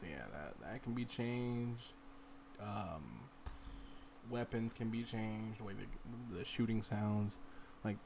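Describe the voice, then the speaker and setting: This man speaks at a medium pitch over slight background noise. As a gaming livestream host running a casual modding tutorial via screen share, he rambles while working and keeps encouraging viewers to try it themselves.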